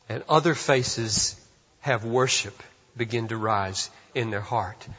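A man's voice: medium pitch, slow, husky. Male pastor preaching in an echoing hall. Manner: builds from hushed to loud and emphatic. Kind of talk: sermon. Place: church sanctuary. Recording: dull reverberant church hall.

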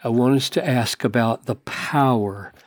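Slow, deliberate male preacher. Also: mid-range voice, dry recording. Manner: slow, deliberate and emphatic, with searching questions. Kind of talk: sermon.

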